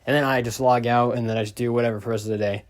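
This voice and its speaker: A man's voice: mid-range voice, fairly even intonation, very fast. Rambling, exasperated young-sounding man. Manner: rambling, exasperated, swears freely. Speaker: YouTuber. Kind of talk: casual storytime rant.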